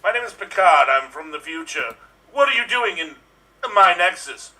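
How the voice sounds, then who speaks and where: A man's voice: high voice, animated, normal speed, pushed and bright, recorded from a distance, exaggerated voice, low-quality recording. A man doing a bold parody of a swaggering male starship captain in an improv sketch, heard from off the mic. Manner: bold, dramatic captain's delivery.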